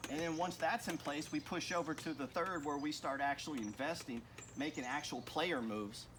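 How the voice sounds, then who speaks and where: A man's voice: on the high side, background noise. A man hosting a finance channel, giving a blunt, profane, confrontational motivational rant full of rhetorical questions.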